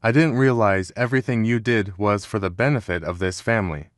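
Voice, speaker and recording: Remorseful pleading stepmother, measured, low voice, dry, read by a man. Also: dry recording, natural voice.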